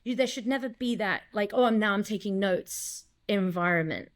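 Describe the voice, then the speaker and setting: Animated woman director talking shop. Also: mid-range voice, normal speed. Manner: animated, acts out lines and quotes, many restarts. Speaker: director and acting coach. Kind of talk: casual interview talk.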